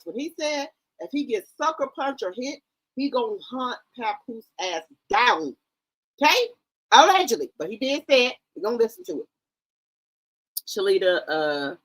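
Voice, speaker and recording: Woman gossip host, high and very animated, profane and theatrical, AAVE speech. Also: poor audio. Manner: animated, profane, dramatic retelling. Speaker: commentary channel host. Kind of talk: casual gossip commentary.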